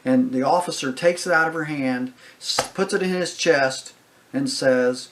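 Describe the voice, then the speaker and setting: A man's voice: on the high side, measured pace, fairly bright tone. A man casually telling a personal anecdote, talking it through with fillers, restarts and quoted back-and-forth dialogue. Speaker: guest speaker. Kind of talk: casual storytelling.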